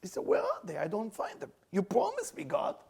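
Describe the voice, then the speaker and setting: A man's voice: big pitch swings, fairly quick, creaky, a little mellow, breathy edge, exaggerated voice. A man doing an aged patriarch pleading, voice soaring. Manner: pleading, voice climbing high.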